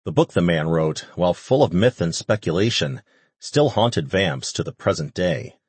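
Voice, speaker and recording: A man reading an audiobook as narrator, in a steady, measured way. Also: low voice, slightly rough, dry recording. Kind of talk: scripted narration.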